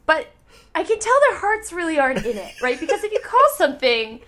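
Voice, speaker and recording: A young woman in casual chat, talking in an animated, rambling way with lots of "like". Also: high-pitched, brisk. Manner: animated, rambling storytelling with frequent "like".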